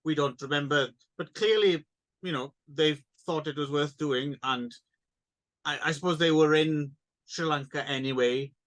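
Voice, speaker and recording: Musing man with a higher voice. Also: normal speed, a bit bright. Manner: thoughtful, musing, with hesitant restarts. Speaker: podcast co-host. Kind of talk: casual film discussion podcast.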